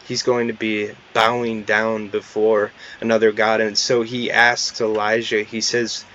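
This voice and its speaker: Guy retelling a bible story, slow and casual, lots of ums and restarts, kinda muffled lo-fi recording. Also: on the low side, monotone, fairly bright tone, a little hiss or hum. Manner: conversational, with fillers and restarts.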